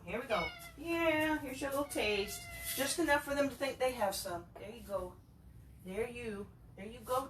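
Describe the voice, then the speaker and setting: Her voice is fairly high, with a little hiss or hum on the track. Cooking in her home kitchen for her channel's casual vlog, she chats, laughs a lot and coos at her cats, while dishes, cutlery and stirring make a loud clatter behind her.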